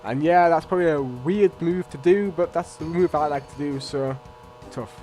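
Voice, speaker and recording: A man's voice: fairly high pitch, moderate pace, darkish tone, faint music behind. A man giving casual, rambling, blunt commentary while playing a video game. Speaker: let's play host.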